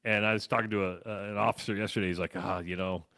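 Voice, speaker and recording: A man's voice: lowish voice, little pitch movement, rapid-fire, pushed and bright, dry recording, studio quality. A man in his fifties co-hosting a sports radio show, chatting in a reflective, fatherly way. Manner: reflective, fatherly, rambling with restarts. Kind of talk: casual sports radio chat.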